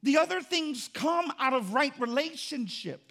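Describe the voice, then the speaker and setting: A man preaching a sermon as pastor, emphatic and repetitive in cadence, swinging between loud and quiet. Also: extremely high pitch, expressive, normal speed, creaky. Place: church.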